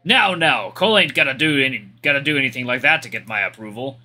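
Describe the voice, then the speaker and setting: A man voicing a gruff, boastful old male hyena father in a folksy, pirate-like drawl. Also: mid-range voice, expressive, fast talker, pushed and bright, exaggerated voice. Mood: hearty.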